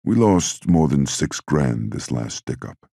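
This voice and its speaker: A man voicing an older male crime boss who is furious and erupts into shouting. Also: very deep voice, big pitch swings, measured pace, vocal fry, breathy edge, no room sound, studio quality, full character voice. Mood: tightly calm. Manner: explosive, shouting in bursts.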